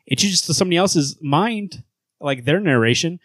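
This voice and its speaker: A man's voice: a little high, expressive, normal speed, a bit bright, no room sound. Profane rambling podcast man, dry sound. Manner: rambling, profane, recaps a comic with frequent fillers. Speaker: podcast co-host. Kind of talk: casual chat.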